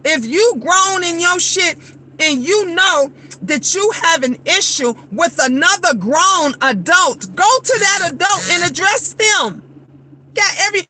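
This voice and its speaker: Very high-pitched and a little slow, this vlogger is a woman in her fifties having an after-work chat with viewers. She is blunt and lively, performing the voices of the people she quotes.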